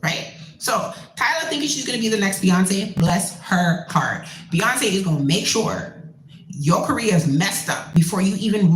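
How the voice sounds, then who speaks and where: A woman from Canada, a musician hosting her own show, ranting in a blunt, profane and animated way. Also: lowish voice, reverberant, poor audio. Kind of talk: casual rant.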